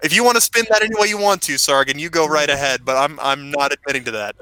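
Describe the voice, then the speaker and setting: A man's voice: a little high, fast, sharp tone, low-quality recording. A man who is a podcast guest, talking in a rambling, self-deprecating way with lots of fillers. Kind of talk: casual podcast chat.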